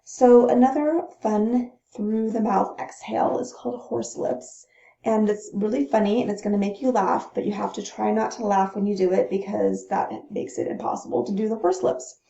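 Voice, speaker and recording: A woman teaching breathing techniques in a calm, instructional way, pausing to demonstrate the breaths. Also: mid-range voice, creaky. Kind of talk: gentle instructional talk. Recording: roomy, dull lo-fi sound.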